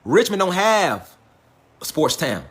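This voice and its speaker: A man with a fairly high voice runs a casual livestream lecture. He is emphatic and profane, and keeps checking in with his audience and hammering each point home. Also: very animated, slow, a bit bright. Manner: profane, emphatic, repeats "facts" and "all right"; talks directly to viewers, asks them questions. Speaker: online lecture host.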